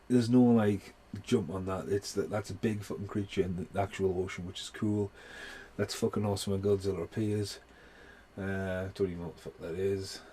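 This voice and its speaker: A man with a warm, lowish voice reviews a film casually over slight background noise. He curses constantly and rambles on, using many fillers.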